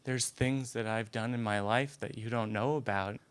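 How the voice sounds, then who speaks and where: A man doing a frightened, bedridden mother who speaks in a slow, hushed half-whisper. She is insistent and grave, with a smooth, clear voice under the breathiness. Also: mid-range voice, fairly even intonation, natural voice.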